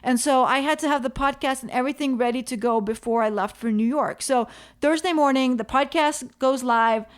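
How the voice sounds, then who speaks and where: A woman hosting her own podcast, telling a personal story in an animated way and repeating phrases for emphasis. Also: sits high, brisk, clean tone. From Canada. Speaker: podcast host. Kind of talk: solo podcast monologue.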